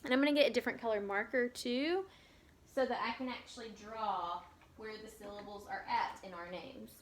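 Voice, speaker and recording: A woman teacher giving a recorded lesson to young children, patiently stretching out words so they can be heard clearly. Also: on the high side, a little hiss or hum. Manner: slow, patient, drawn-out sounding of words.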